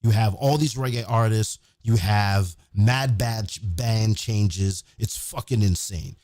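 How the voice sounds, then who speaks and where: A man hosting a podcast, telling stories in a casual, profane, animated way. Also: fairly low pitch, slow, no room sound, clean studio sound. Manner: profane, animated, acts out quotes. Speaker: podcast host. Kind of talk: casual storytelling.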